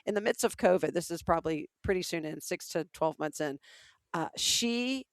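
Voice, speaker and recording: A middle-aged woman from the American South co-hosts a podcast in relaxed chat. Her voice has a touch of fry, and the close mic leaves it dry. She tells stories with relish, putting on the voices of the people she quotes. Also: on the low side, moderate pace, no echo. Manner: animated storyteller, acts out quoted voices. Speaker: podcast co-host. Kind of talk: casual chat.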